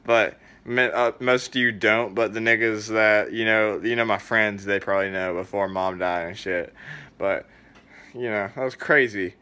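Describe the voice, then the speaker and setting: A man's voice: on the low side, steady tone, normal speed, bright, forceful tone, clear, resonant tone. A young man telling a story in a rambling, casual way, full of swearing and filler words. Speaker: vlogger telling stories.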